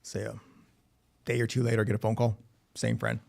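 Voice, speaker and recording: A man's voice: mid-range voice, little pitch movement, brisk, vocal fry, a little mellow. A man telling his recovery story at a meeting, speaking candidly with swearing and acting out quoted dialogue. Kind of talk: personal testimony. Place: recovery facility meeting room.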